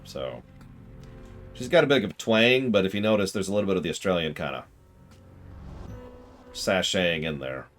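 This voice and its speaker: A man's voice: low voice, lively intonation, normal speed, pauses often, a bit bright, faint music behind. A man streaming a game, chatting in rambling asides about what he plays. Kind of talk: casual game commentary.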